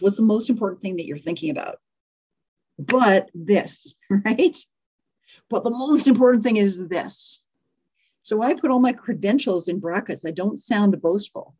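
Middle-aged female speaking coach, mid-pitched, thinks aloud and corrects herself, slightly muffled recording. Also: a little mellow. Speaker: communication coach. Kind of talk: live workshop teaching.

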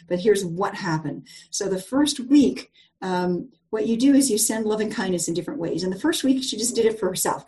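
A woman's voice: mid-range voice, dark tone, poor audio. A woman leading a live group call, teaching a meditation in a chatty storytelling way, with many fillers and restarts.

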